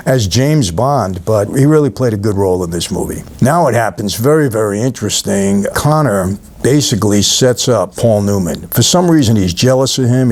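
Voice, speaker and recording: A man's voice: fairly low pitch, darkish tone. Middle-aged new york guy recapping a movie to his viewers, casual storyteller, talks right to the camera. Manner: conversational storyteller, addresses viewers directly, retells scenes. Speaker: channel host reviewing a film.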